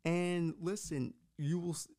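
A man's voice: fairly high pitch, steady tone, unhurried, warm tone. A young man with a New York accent, going on a rambling, profane comedic rant as a podcast host. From United States.

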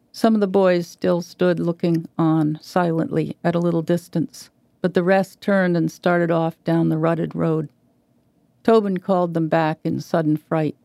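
Woman reading literary fiction; gravelly, dark, dry sound, measured delivery. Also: lowish voice, steady tone, no room sound. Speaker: guest reader.

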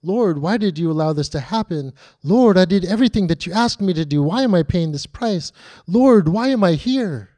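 A man's voice: high voice, lively intonation, normal speed, mellow, no echo, clean studio sound. A man voicing a broken prisoner pleading with God. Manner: pleading prayer. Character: broken, repentant male prisoner crying out to God.

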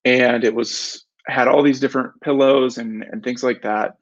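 Guy in his 30s doing a laid back faith talk, gravelly voice, rambles and restarts a lot, dry dull sound. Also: mid-range voice, fairly even intonation, moderate pace, no room sound. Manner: rambling, restarts and self-corrections, reflective. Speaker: devotional speaker, business owner and father. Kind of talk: casual devotional talk to camera.

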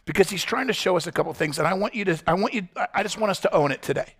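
A male pastor preaching with passion, hammering key phrases again and again as he speaks straight to his congregation. His voice sits high and comes out husky, with a dry, close sound. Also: racing, fairly bright tone, dry recording. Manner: passionate, repetitive, direct address to congregation. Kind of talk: sermon.

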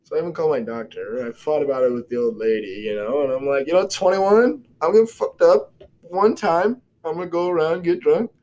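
A man's voice: a little high, expressive, fairly quick, darkish tone, low-quality recording. A young man in his twenties hosting a casual podcast chat, telling loose, profane stories and acting out what people said. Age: 20s. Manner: loose storyteller, swears freely, acts out quotes. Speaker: podcast host.

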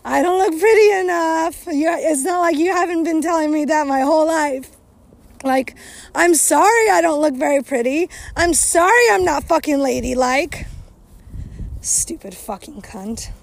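A woman's voice: high-pitched, unhurried, creaky. A woman hosting a casual podcast outdoors, venting bitterly with constant profanity and breaking off to scold her dog. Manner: profane, bitter venting, talks to herself and the listeners. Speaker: podcast host. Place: outdoors near a cow pasture, walking a dog.

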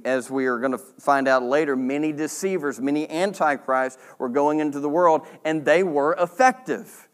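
A man preaching a sermon in an earnest way, repeating key points and pressing them harder as he goes. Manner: lively, rises in pitch and volume when pressing a point. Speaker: pastor.

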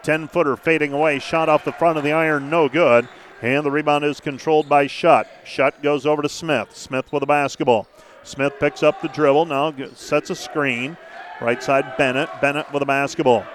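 A man calling live basketball play-by-play, brisk and name-by-name, with stat asides between plays. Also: on the high side, steady tone, slight background noise. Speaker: play-by-play announcer.

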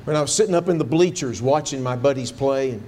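There's slight background noise as a fast-talking pastor with a mid-range, slightly mellow voice preaches. His personal story comes across earnestly, turning to fervent pleading when he quotes what he prayed.

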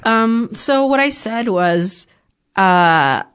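A woman's voice: a little high, expressive, very slow, a bit bright, clean tone. A woman from Ukraine, a podcast guest, telling personal stories candidly and swearing freely. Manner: frank, swears freely, acts out her past outbursts. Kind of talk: candid conversational storytelling.

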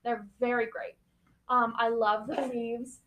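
A woman's voice: on the high side, level tone, measured pace, a loud crowd. A teenage girl co-hosting a student podcast, bubbly and teasing in casual chat. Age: teens. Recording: noisy background.

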